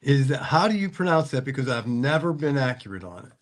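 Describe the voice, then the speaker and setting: A man's voice: mid-range voice, very animated, a little fast. A man hosting a casual interview, rambling and hesitant with many fillers. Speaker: host, car dealer.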